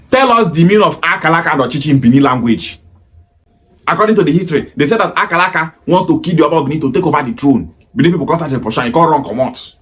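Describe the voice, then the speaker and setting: Nigerian guy w pidgin accent ranting fast, keeps repeating his point, kinda high voice. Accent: Nigerian Pidgin-inflected English. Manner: emphatic, repetitive, lecturing. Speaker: commentator. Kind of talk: opinion monologue.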